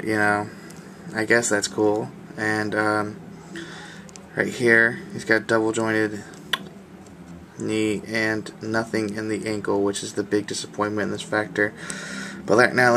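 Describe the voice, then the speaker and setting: A man's voice: fairly low pitch, a bit bright, a little hiss or hum. A man giving a casual video review of a toy, talking in an enthusiastic, slangy, rambling way.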